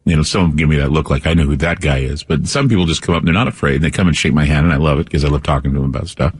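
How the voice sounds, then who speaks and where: A man's voice: extremely low pitch, racing, slightly rough, in a large hall. A man hosting a radio talk show, telling a rambling personal story with many restarts.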